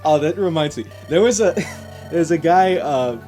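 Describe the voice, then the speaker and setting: A man's voice: on the high side, animated, normal speed, warm tone. A man casually commentating a video game playthrough as a guest, rambling and hesitant, with frequent restarts. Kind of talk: casual let's play commentary. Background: video game music.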